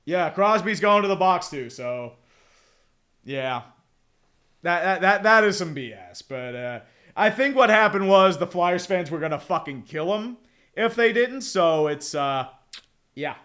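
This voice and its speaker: Young male streamer, high-pitched, rapid excitable play-by-play, swears freely, drifts into rambling chat asides. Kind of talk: casual hockey play-by-play with chat reading.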